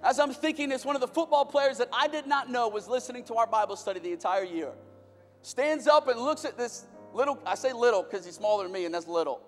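High-voiced man preaching in a reverberant hall. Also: quick pace. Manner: impassioned, building in bursts then dropping low. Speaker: pastor. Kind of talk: sermon. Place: church auditorium. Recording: long reverb of a large hall with music.

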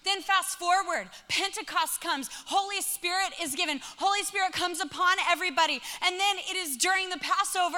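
Woman, sermon, bright voice, emphatic conversational preaching, long hall reverb. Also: very high-pitched, normal speed.

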